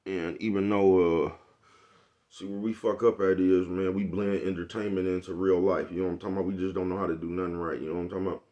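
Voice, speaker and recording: A man's voice: sits low, flat delivery, quick pace, warm tone, dull audio. A man, talking casually and profanely to his camera, rambling and asking "you know what I'm talking about?" over and over. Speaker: vlogger.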